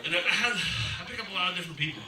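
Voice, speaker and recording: A man's voice: high voice, very fast. A man from Massachusetts doing a crude stand-up comedy set, joking with the crowd from a club stage. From Massachusetts, USA. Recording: echoey club, far from the mic, noisy.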